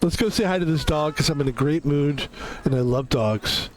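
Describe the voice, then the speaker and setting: A young man streaming a video game, chatting casually in an excitable, rambling way and laughing often. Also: a little high, normal speed, soft background music, low-quality recording. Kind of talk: casual live-stream chat.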